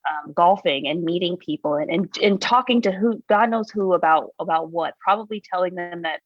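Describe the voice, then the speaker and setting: A woman's voice: fairly low pitch, moderate pace, dry recording, highs cut off. A woman being interviewed, candidly recounting her own story in a casual, conversational way with restarts and fillers.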